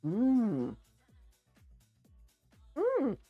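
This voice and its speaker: A woman's voice: a little high, huge pitch swings, extremely slow, narrow, tinny audio. A woman livestreams while eating, chatting easily with her viewers. Her voice rises and falls a lot as she answers them and laughs along. Music plays faintly behind her. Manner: chatty, reads chat aloud, laughs often. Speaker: streamer.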